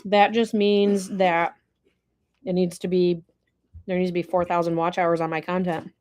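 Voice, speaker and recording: A woman's voice: fairly low pitch, flat delivery, normal speed, darkish tone. A woman hosting a casual livestream from home, chatting and rambling to viewers while eating dinner. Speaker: livestream host.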